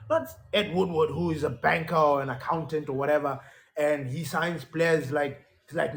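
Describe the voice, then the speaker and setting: Emphatic, animated male podcast host. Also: fairly high pitch, moderate pace. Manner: animated, emphatic, repeats words for effect. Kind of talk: casual solo podcast chat.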